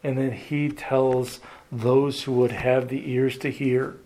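Man, preacher, sermon, very slow pace, medium pitch, soft trailing endings, questioning listeners. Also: little pitch movement. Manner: slow, deliberate preaching that trails off softly at phrase ends; asks the listeners direct questions.

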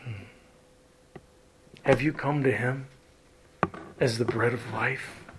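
A man preaching a sermon in a slow, deliberate way, asking his listeners direct questions and letting his phrases trail off softly. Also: mid-range voice, fairly even intonation, noisy background.

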